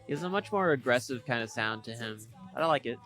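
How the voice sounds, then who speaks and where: A man's voice: medium pitch, expressive, fast, a bit bright, soft background music. A young man co-hosting a college radio show, talking in an easygoing, rambling way. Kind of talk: casual chat. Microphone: studio mic.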